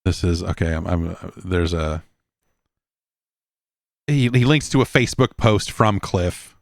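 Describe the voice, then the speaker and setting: A man's voice: low-pitched, a little mellow, dry recording, studio quality. A middle-aged man hosting a podcast, reading listener mail and rambling in casual chat, stammering and swearing as he talks. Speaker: podcast host.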